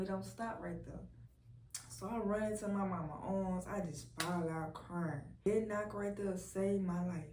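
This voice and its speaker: Candid woman telling her story, roomy echo. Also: slight background noise. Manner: candid, blunt, swears freely; often drops to a soft, low voice. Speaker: person giving a personal testimony. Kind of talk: emotional personal storytelling. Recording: roomy echo from a distant mic.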